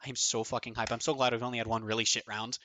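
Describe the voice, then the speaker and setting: A man streaming his own online card game tournament, thinking aloud, counting out numbers and swearing often, his voice going a bit hoarse. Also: mid-range voice, level tone, racing, pushed and bright, no room sound. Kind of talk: excited live commentary of own play.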